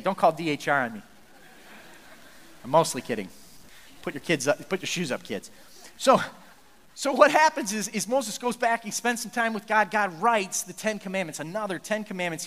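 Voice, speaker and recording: A high-pitched man preaching a lively sermon, acting out the story and tossing in jokey asides. His voice carries a long reverb from a large church hall. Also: a little fast. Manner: animated storytelling, acts out quotes, jokey asides. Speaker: pastor.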